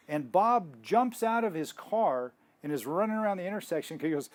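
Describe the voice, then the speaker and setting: A man's voice: a little high, expressive, fairly quick, a little mellow. Rambling man giving a faith talk. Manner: rambling with restarts, storytelling. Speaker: health ministry teacher.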